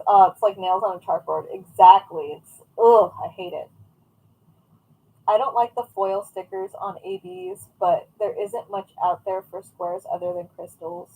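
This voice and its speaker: A young woman hosts a crafting livestream, chatting in a rambling way and reading and answering viewers' questions as she works. Her medium-pitched voice has vocal fry and a darkish, slightly rough tone, and the audio quality is poor.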